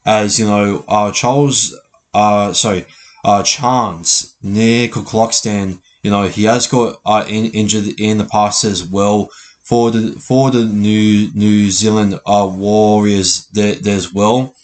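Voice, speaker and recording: A man giving a casual rugby league preview, talking haltingly with a stutter and many fillers. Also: on the low side, steady tone. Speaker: rugby league fan commentator. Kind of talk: casual pre-match preview.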